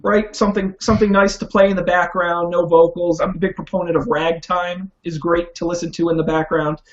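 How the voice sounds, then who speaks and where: Enthusiastic tech podcast host, lo-fi. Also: male voice, high-pitched, level tone, a little fast. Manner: enthusiastic, upbeat, chatty. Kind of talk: casual tech podcast chat. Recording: dull lo-fi audio.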